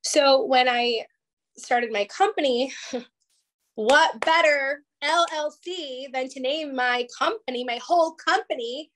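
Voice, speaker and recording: On a podcast, a female life coach appearing as a guest shares her story frankly and emphatically, swearing freely. Her fairly high, fairly bright voice carries real emotion, nearly breaking into tears at times, as she speaks slowly in the manner of a candid interview.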